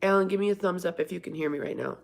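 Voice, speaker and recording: A woman's voice: fairly low pitch, rapid-fire, vocal fry. Chatty middle-aged woman on a livestream. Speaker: livestream host. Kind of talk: casual live-stream chat, reading viewer comments.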